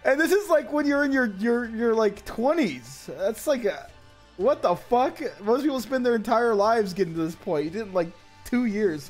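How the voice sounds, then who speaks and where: Excitable, lively-voiced male streamer. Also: very high-pitched, moderate pace, faint music behind. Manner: excitable, profane, laughs a lot. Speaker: livestreamer. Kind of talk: casual stream chat.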